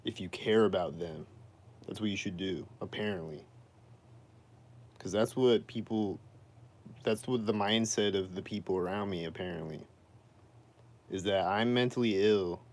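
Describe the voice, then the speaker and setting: A man on a livestream rants in an aggrieved, circling way and keeps asking the same questions again and again. His voice sits on the low side for a man. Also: moderate pace, long pauses. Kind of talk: livestream rant.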